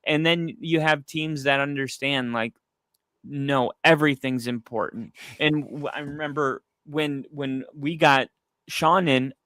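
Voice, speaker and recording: A man's voice: on the high side, a little slow, no room sound, studio quality. A man co-hosting a casual football podcast, telling stories animatedly and acting out the quotes. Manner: animated storyteller, acts out quotes. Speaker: podcast co-host. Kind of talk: casual sports chat.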